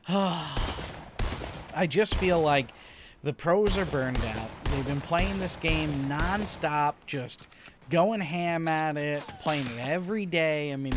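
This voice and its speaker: A man giving relaxed, rambling commentary over his own gameplay, a little stuffy from a slight cold. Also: fairly high pitch. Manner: laid-back, rambling, chuckles to himself. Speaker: gaming video host.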